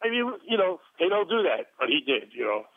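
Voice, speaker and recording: A man's voice: on the high side, big pitch swings, brisk, slight background noise. A man in his seventies, a retired ballplayer, telling rambling stories and chuckling in casual chat. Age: 70s. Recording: tinny phone line.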